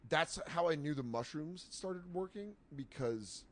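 A man in his thirties co-hosting a comedy podcast, telling crude stories in an animated way. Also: a little high, unhurried. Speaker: podcast co-host. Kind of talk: casual comedy podcast banter.

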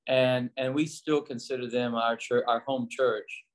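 An unhurried, mid-range voice comes from an American former missionary now working as a pastor. As an interview guest he spins casual, animated stories, acting out the dialogue in a raised voice.

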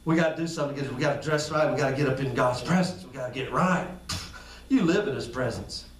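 Fast and mid-range in pitch, a man's voice carries a casual sermon in which he dramatizes little conversations and repeats lines for weight. The pastor is recorded far from the mic in a reverberant room.

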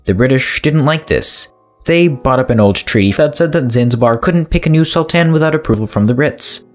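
A man's voice: mid-range voice, lively intonation, brisk, faint music behind. A man narrating a scripted history explainer, dropping wry asides to the viewer.

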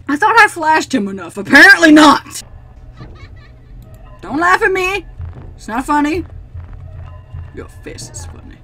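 A woman's voice: sits high, very animated, measured pace, long pauses, sharp tone, soft background music. A woman doing horror game commentary into a desk microphone, sarcastic and talking back to the characters, then screaming at the jump scares. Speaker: gaming channel host.

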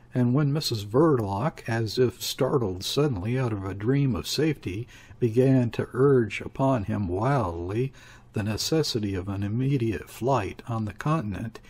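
Man, audiobook narrator, classic novel, mellow dark voice, husky, measured. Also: medium pitch. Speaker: audiobook reader.

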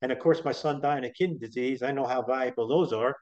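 Talking fast with a darkish tone and medium pitch, this middle-aged man shares his story as an interview guest, chatty and rambling with many restarts. The audio is dull and lo-fi.

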